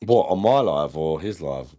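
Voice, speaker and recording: A man's voice: very deep voice, lively intonation, moderate pace, dark tone. A man hosting a casual live stream, laughing often and bantering with viewers in the chat while he drinks.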